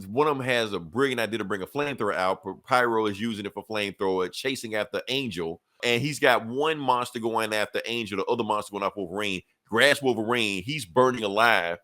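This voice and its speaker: A man co-hosting a podcast who casually recaps a comic story, swearing often and slipping into quick voices for the characters. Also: medium pitch, pushed and bright. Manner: profane, laughing retelling with quick character asides. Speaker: podcast co-host.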